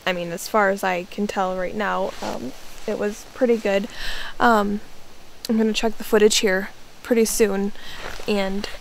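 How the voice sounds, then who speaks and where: A woman bow hunter speaking outdoors right after a shot, shaky, breathless and tearful with excitement. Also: on the high side, vocal fry, slight background noise, low-quality recording. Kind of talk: live reaction after a hunt. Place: outdoors at a hunting stand.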